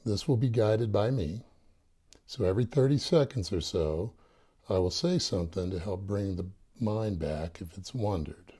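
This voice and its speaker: A man leading a guided meditation, calm and soft-spoken with touches of light humor. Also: fairly low pitch, moderate pace, slightly rough. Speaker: meditation teacher.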